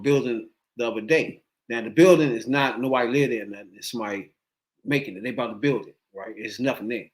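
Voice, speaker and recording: A man hosting a podcast, retelling a story in casual, slangy talk. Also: mid-range voice. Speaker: podcast host.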